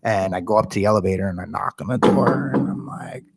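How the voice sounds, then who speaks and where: A man's voice: low-pitched, fast, creaky, husky, no room sound, studio quality. A man, a podcast guest, telling a long personal story in casual talk, swearing a lot and acting out what people said. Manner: animated, swearing, acts out quoted dialogue.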